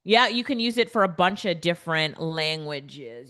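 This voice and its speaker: Brief: middle-aged woman instructor, low-ish voice, upbeat and chatty, live webinar on a computer mic. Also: animated, moderate pace, fairly bright tone. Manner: upbeat, laughs often, chatty asides to the viewers. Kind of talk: live online teaching demo. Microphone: computer mic on a video call.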